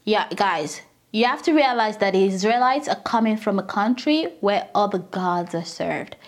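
A woman leading a casual Bible study, retelling scripture with animated, indignant asides. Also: medium pitch, normal speed.

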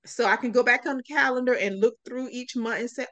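A woman's voice: a little high, fairly quick, hardly any pauses, highs cut off. A woman guest on a podcast chatting casually, with a sarcastic, comical way of telling stories and acting out quotes. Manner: animated, lots of acted-out quotes. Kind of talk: casual interview chat.

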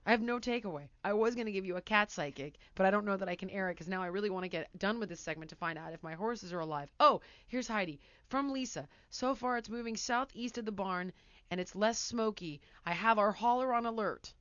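A woman hosting a podcast, telling a story in casual chat, animated and acting out quotes loudly. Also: medium pitch, fairly quick, no echo, muffled recording. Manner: animated, breaks into laughter, acts out quotes loudly. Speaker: podcast host.

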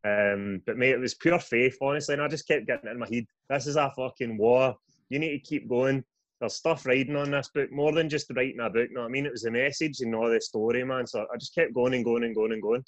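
A young Scottish man, a guest author, telling his story in a sweary, animated podcast chat. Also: mid-range voice, quick pace, dry recording, dull audio. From Scotland.

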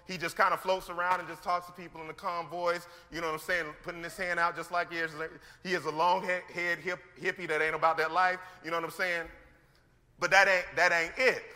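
High, bright-voiced preaching man. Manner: animated, slangy preaching that acts out scripture scenes. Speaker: pastor. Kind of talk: sermon. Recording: long hall reverb.

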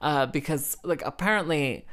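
A woman's voice: deep voice, moderate pace, a bit bright. A woman who plays the harp, telling a rambling, chatty anecdote full of "like" and small laughs. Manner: chatty and rambling, heavy use of "like", laughing between phrases. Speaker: harpist. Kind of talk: casual anecdote storytelling.

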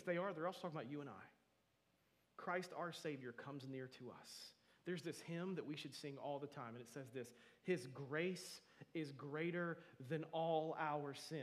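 A man preaching a sermon, moving between quiet asides and loud, emphatic declarations, often repeating words for stress. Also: fairly high pitch, normal speed. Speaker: pastor.

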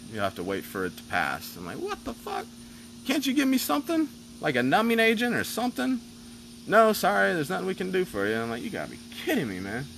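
A man tells a personal story in a loose, rambling way, full of fillers and swearing. His voice sits fairly low but swings widely, bright and forceful. Faint outdoor insect noise hums in the background. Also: low-quality recording. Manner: animated, profane, rambling with many fillers.

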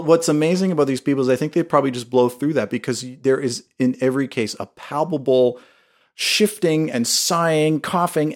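A man hosting a casual chat, dry and wry with a measured delivery. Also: medium pitch, darkish tone. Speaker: podcast host.

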